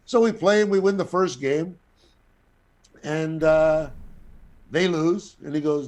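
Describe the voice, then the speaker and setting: An older man, an actor and guest, telling a long anecdote in a casual, profane, animated way. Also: a little high, unhurried. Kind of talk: casual storytelling.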